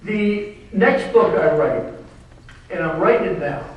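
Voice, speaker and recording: A man's voice: fairly high pitch, expressive, unhurried, highs cut off, a little hiss or hum. An older man with a Southern US accent, an author telling stories to an audience in an emphatic, wry way. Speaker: author giving a talk. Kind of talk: storytelling talk to an audience. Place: large room at a bookstore event. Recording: very echoey room, distant mic.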